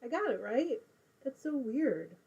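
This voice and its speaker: A woman's voice: on the high side, very animated, unhurried, dark tone, slightly rough, dull audio. A middle-aged woman hosting a casual live crafting stream from home, chatting while she knits and reading viewer comments aloud.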